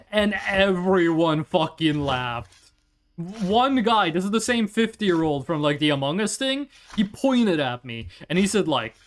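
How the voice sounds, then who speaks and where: A young man streaming a game, chatting casually and telling profane, animated stories. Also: high-pitched, unhurried. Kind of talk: casual chat while gaming.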